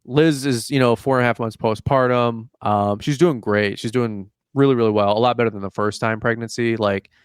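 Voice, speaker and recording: Young guy hosting a podcast, chatty and animated, smooth voice, dry sound. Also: medium pitch, brisk, few pauses, no room sound. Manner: animated storyteller, acts out dialogue, says "like" often. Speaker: podcast host. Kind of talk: casual chat.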